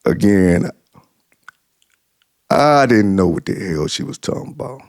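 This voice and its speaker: A man's voice: on the low side, expressive, unhurried, creaky, darkish tone, no echo, studio quality. A man vlogger telling a personal story to the camera, chuckling through his words and repeating himself for emphasis.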